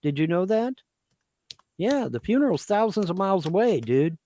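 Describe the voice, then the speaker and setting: A man's voice: sits high, very animated, normal speed, mellow. A man in a bitter, accusatory rant to his viewers, repeating his points over and over. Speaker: livestream host. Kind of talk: aggrieved ranting monologue.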